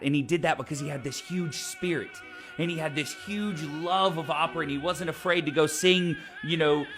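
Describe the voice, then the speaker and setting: A man's voice: on the high side, a bit bright. A man hosting an opera web show from his hot home room, chatting to camera with enthusiasm and many restarts. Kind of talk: casual direct-to-camera talk. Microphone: camera mic with ring light.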